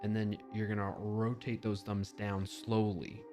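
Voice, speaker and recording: Guy hosting his live stream, chatty and upbeat but kinda low energy, little bit of music behind. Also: level tone, measured pace. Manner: upbeat, chatty, leads viewers through stretches. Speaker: livestream host. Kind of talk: casual live-stream chat.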